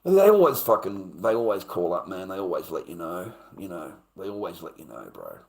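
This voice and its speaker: A man's voice: sits low, big pitch swings, fairly quick, vocal fry. Man telling a story, swearing heavily. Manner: swears constantly, gets loud and heated reliving anger. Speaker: streamer. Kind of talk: profane casual storytelling.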